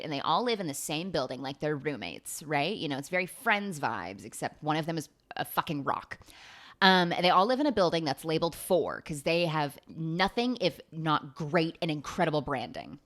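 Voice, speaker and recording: A woman in her late twenties doing a rambling, profane, self-mocking comedic monologue. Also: low voice. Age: 20s. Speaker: comedian host.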